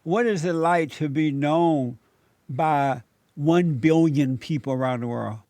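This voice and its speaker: A man's voice: a little high, takes it slowly, a little mellow, no room sound. A man hosting an interview in a friendly, chatty way, laughing easily. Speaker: host. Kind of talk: casual interview.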